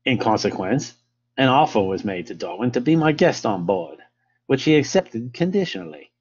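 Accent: put-on British. Figure: formal old naval captain, read aloud by an American man. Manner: stiff, measured, old-fashioned prose. Pitch: middling. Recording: slightly dull lo-fi. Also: lively intonation, natural voice.

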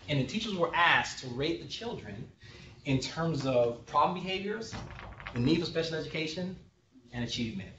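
Animated man lecturing in an echoey room. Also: on the high side, a little hiss or hum. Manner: joking, animated, often checks in with the audience. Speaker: sociologist giving a presentation. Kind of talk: conversational lecture to a committee. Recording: echoey room, distant and dull.

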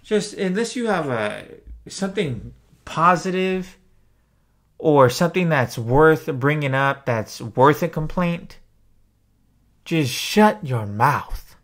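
A man with a sharp, somewhat high voice, a small YouTuber who covers wrestling, vents to camera in an exasperated opinion rant and swears freely.

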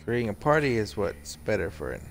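A young man giving casual, rambling live-stream commentary while playing a game, swearing and excitable. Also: on the low side, a little fast, gravelly, soft background music.

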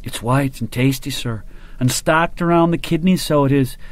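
A man's voice: medium pitch, moderate pace, lightly acted. A male narrator voicing a big, cheerful Ulster sergeant who talks bluntly and coaxes his officer. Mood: matter-of-fact. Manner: cheeky, coaxing, with a raised voice.

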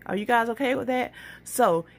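A woman's voice: fairly high pitch, normal speed. A woman chatting to her viewers as a couponing vlogger, laughing often and calling them y'all. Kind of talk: casual chat to viewers.

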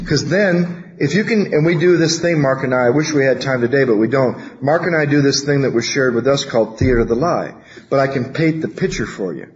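A man from California speaking at a recovery workshop, telling stories and acting out quoted voices. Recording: dull low-fidelity recording, faint hiss.

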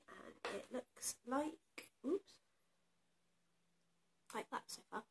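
A woman's voice: high voice, lively intonation, drawn-out words, a little hiss or hum. A woman with a stuffy, nasal voice from a cold, chatting casually and self-deprecatingly as she shows off her crochet projects. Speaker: crochet vlogger. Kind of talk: casual show-and-tell chat.

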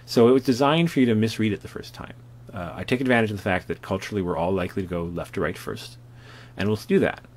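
A man's voice: fairly low pitch, quick pace, a little hiss or hum. A man with a Canadian accent giving a conversational lecture about comics art from home, with frequent fillers and restarts. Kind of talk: recorded lecture with slides, self-recorded at home.

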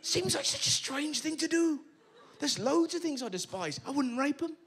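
Performing stand-up before a live audience at a comedy venue, a man with a very high-pitched voice speaks at a moderate pace. He tells animated stories and acts out other people's voices, and the noisy live recording is full of loud crowd laughter.

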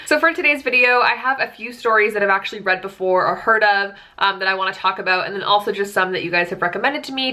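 A woman's voice: mid-range voice, pushed and bright. A woman in her twenties chatting casually to camera as a book vlogger, peppering her talk with "like" and amused disbelief. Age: 20s.

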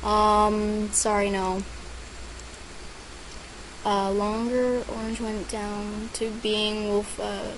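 A woman's voice: medium pitch, flat delivery, very slow, long pauses, slight background noise, poor audio. A teenage girl chatting casually as she records her gameplay, reading out other players' names and messages and squealing over gifts. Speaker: gaming vlogger.

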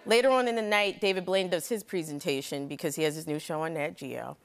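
A woman in her thirties, a talk show guest telling an animated story, laughing as she goes and acting out the people in it. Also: low voice, quick pace. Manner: lively, laughing storyteller doing voices. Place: TV studio with live audience.

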